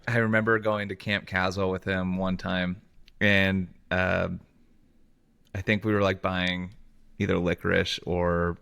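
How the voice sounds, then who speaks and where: Male co-host, very low, gravelly voice, casual conversation. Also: flat delivery, unhurried, a bit bright. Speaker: podcast co-host. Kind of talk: casual chat.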